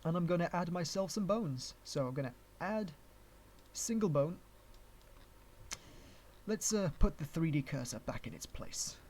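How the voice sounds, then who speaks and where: A man's voice: a little high, expressive, measured pace, long pauses, darkish tone, a little hiss or hum. A man with an English accent, originally from Canada, teaching 3D rigging on a live stream. He talks to himself as he works, restarting sentences and chuckling at his own asides. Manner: chatty, rambling, restarts often, chuckles at himself. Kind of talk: live-stream tutorial, thinking aloud.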